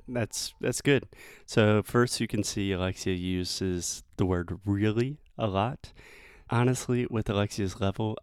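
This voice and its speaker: A man with a Southern US accent, an English teacher giving pronunciation feedback and slowly modelling the sounds. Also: deep voice, clean tone, dry recording, clean studio sound.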